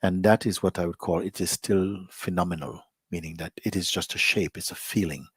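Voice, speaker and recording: With a deep, husky voice, a man leads a satsang for a live gathering as a spiritual teacher, speaking reflectively and without hurry. At times he softens almost to a whisper; the recording is clean studio sound with no room sound.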